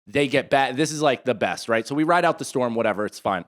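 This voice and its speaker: Rambling, animated man telling a story. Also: medium pitch, fast talker. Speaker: podcast co-host. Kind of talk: casual chat.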